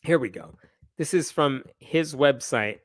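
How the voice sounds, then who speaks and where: A man's voice: mid-range voice, lively intonation, unhurried, no echo. A man hosting a live news roundup, giving wry, exasperated commentary and reading passages aloud.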